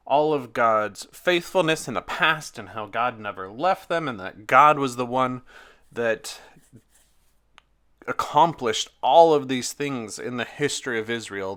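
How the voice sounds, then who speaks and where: A man's voice: mid-range voice, bright, forceful tone. Man reading and reflecting on scripture. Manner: emphatic, with strong stresses on key words; thinking aloud with fillers. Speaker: scripture reader and commentator. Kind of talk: dramatic scripture reading then reflective commentary.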